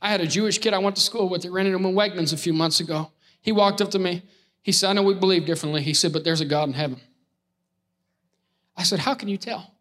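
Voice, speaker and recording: A man preaching a lively Sunday sermon, joking and constantly urging the congregation to call back. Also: sits high, racing. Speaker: pastor.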